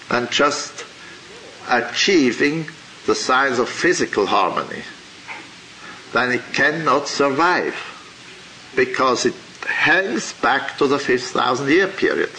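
A man teaching a religious class, lecturing in a deliberate, halting way and asking rhetorical questions. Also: mid-range voice, sharp tone, a little hiss or hum, rough recording.

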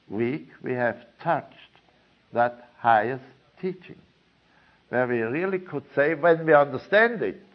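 A man giving a lecture in a slow, deliberate way, pausing often with fillers. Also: medium pitch. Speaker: teacher of a study course. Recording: dull lo-fi recording.

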